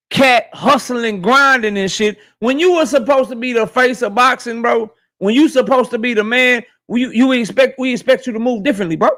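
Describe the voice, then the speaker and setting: Male streamer-host, high voice, profane, animated casual rant to chat. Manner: profane, animated, talks straight to his chat. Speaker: boxing YouTube host.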